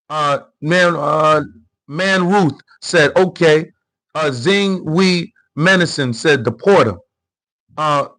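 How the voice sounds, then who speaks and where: A man's voice: a little high, fairly bright tone, poor audio. A man hosting a live commentary stream, ranting in a heated, profane, repetitive way and reading out viewer comments. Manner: reads viewer comments aloud. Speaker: livestream commentary host.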